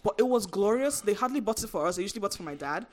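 A young woman from Nigeria co-hosting a casual podcast chat, telling animated stories with sudden high squeals. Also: racing. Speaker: podcast co-host.

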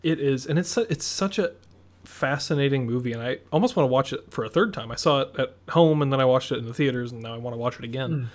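A man's voice: medium pitch, quick pace. A man co-hosting a film podcast, easygoing and agreeable, who laughs often and moves the talk along. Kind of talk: casual film review chat.

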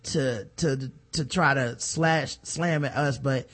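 A man co-hosting a podcast, chatting casually and reading listener emails aloud with low muttered asides. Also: takes it slowly, fairly bright tone. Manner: laid-back, drops into a low mutter for asides, reads letters aloud. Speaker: podcast co-host.

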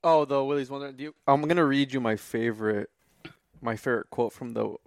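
A man's voice: mid-range voice, flat delivery, fast, no echo. Hyped guy on a podcast, keeps saying bro, rambles, dry mic sound. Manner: enthusiastic, rambling, says bro a lot. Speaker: podcast guest. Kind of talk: casual podcast chat.

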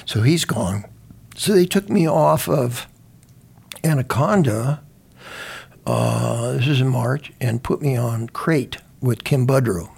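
An older man with a deeply gravelly, husky voice tells stories in a loose, rambling way. He restarts his sentences often and drops the odd swear word while he talks. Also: lively intonation, slow pace, a little mellow. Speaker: veteran guest. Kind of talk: conversational storytelling.

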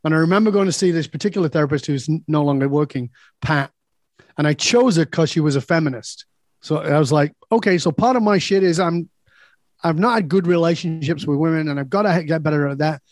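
Brief: male guest, higher pitch, blunt and animated storyteller, dry close sound. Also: a little fast, no room sound. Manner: blunt, storytelling, acts out quoted dialogue, swears freely. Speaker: podcast guest, leadership speaker. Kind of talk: casual interview conversation.

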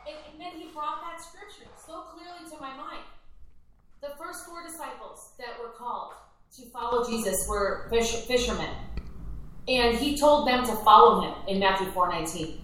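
A woman from Minnesota, a ministry founder, telling her story in an animated, emphatic way with repetitions. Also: on the high side, normal speed, a little hiss or hum. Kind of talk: conversational interview. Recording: echoey, distant from mic.

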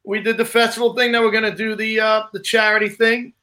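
A man co-hosting a casual video-call show, loud and energetic. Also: high-pitched, fast. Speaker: co-host. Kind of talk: casual chat.

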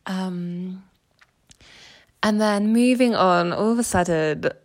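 A woman's voice: mid-range voice, slow pace. A young woman from England telling a personal story in a chatty, emotional way, using "like" a lot. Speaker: vlogger.

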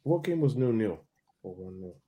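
A man's voice: fairly low pitch, very animated, moderate pace, mellow, slightly rough. A man in a casual football chat who keeps asking probing questions.

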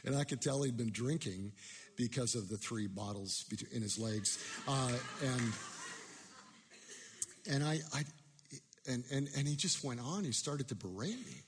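A man's voice: mid-range voice, animated, measured pace, pauses often, long reverb tail, a little hiss or hum. A man preaching a sermon, telling a personal story in a self-deprecating way with many restarts.

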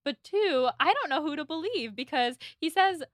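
On a laid-back book-club podcast, a female co-host walks through a story's plot and tosses in playful asides. She speaks at a moderate pace in a high, expressive voice, captured in a clean studio with no echo.

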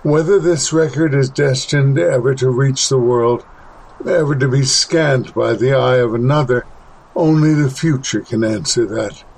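A man's voice: medium pitch, darkish tone. Man narrating a horror story. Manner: measured, dramatic reading. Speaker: podcast host and reader.

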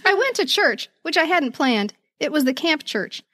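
A middle-aged woman co-hosting a podcast in casual chat, animated and laughing often as she reads old letters aloud. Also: high voice, moderate pace, no room sound, clean studio sound. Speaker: podcast co-host.

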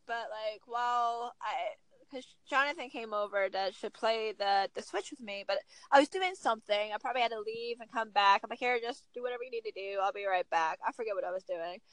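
A woman in her thirties talking casually as a podcast guest, telling stories with lively acted-out quotes. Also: on the high side, no room sound, poor audio. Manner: animated storyteller, acts out quotes. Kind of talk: casual chat.

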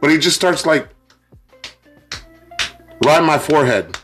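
Lively young man telling a story. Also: on the high side, a little slow, soft background music. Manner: animated, laughing through his own story, acts out quotes. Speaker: podcast co-host. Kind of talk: casual storytelling chat.

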